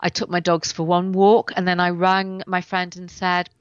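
Woman guest, in pain, animated storyteller, dull dry lo-fi sound. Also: on the low side, normal speed, smooth, no echo. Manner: animated, acts out what she and others said. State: in pain while speaking. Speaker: guest, writer and coach. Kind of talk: personal storytelling in an interview. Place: at home.

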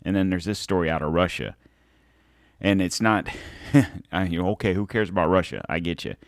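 Man, deep voice, rambling heated commentary, sarcastic, dry close sound. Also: normal speed, no echo. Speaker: show host. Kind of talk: political commentary monologue.

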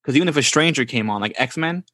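A man's voice: mid-range voice, expressive, quick pace, bright, forceful tone, no echo. A man in his forties from the Bronx, telling childhood stories in a casual, slangy way and often saying "bro". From New York, the Bronx. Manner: laid-back, slangy, says "bro" often. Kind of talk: casual storytelling chat.

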